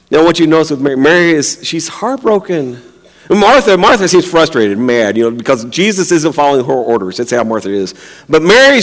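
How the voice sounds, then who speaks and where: A male pastor preaching in a loose, conversational way, repeating himself and breaking into little acted-out quotes. His voice sits high for a man. The sound carries a long reverb, as in a large hall. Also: creaky. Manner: conversational, repeats and restarts words, acts out quotes. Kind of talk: sermon.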